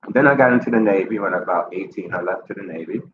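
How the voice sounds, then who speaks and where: A middle-aged man from Jamaica, raised in Chicago, talking in a relaxed, rambling way in a casual vlog, repeating his phrases. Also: deep voice, very fast. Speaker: vlogger. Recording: echoey, dull, noisy ambience.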